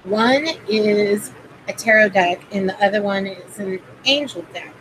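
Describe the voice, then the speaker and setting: A chatty woman talks loosely through a casual livestream, greeting viewers by name as she reads cards. Her voice sits at a mid pitch, with a faint hum of noise in the room. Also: unhurried, fairly bright tone, low-quality recording. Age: adult parent. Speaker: livestream host doing card readings.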